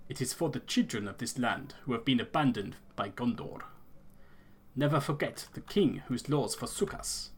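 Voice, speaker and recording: A man's voice: mid-range voice, expressive, normal speed, husky. A man voicing a solemn old clan elder with a put-on accent, reading a game character's lines aloud. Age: older. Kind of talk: gameplay voice-over of game characters.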